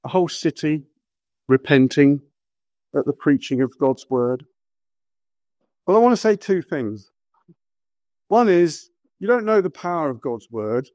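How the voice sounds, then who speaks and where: A middle-aged man preaching a sermon, animated and acting out quotes with exaggerated voices. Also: a little high, measured pace, long pauses, no echo.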